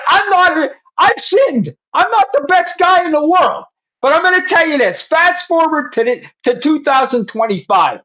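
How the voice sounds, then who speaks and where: A man's voice: very high voice, a bit bright. A middle-aged man, a former police chief, telling his faith story in blunt, profane words and speaking straight to the host. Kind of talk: emotional personal testimony. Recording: slightly muffled lo-fi sound.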